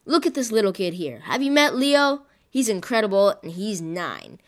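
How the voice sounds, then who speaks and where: A woman voicing a blunt, gruff male jazz band leader who scolds in an exasperated way. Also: mid-range voice, very animated, normal speed, lightly acted. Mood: earnest.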